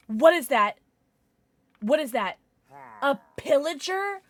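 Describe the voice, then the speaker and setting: A woman livestreaming her gameplay, talking straight to her chat in a bright, slightly high voice. Her pitch leaps all over the place as she gushes and squeals, then drops back to easy rambling. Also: extremely slow, pauses often. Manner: excitable, squealing and gushing, chatty with chat. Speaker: streamer. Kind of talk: live gameplay streaming, chatting with viewers.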